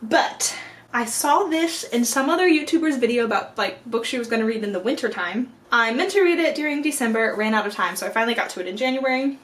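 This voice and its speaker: A young woman in college reviewing books in a casual, rambling vlog, animated and full of playful asides. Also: a little high, quick pace. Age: young adult. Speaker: book vlogger. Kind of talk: casual chatty book review.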